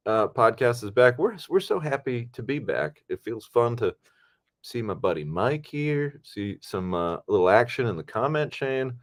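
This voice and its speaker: A man co-hosting a podcast from home on a video call, telling a relaxed, rambling story with many fillers. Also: on the low side. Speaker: podcast co-host and actor. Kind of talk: casual podcast chat. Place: home, at a computer.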